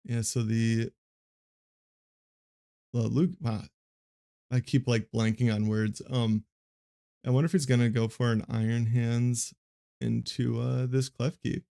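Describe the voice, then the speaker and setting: A young man streaming a card game match, giving casual and rambling play-by-play commentary in a flat, monotone way with lots of fillers. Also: mid-range voice, unhurried, creaky, pauses often.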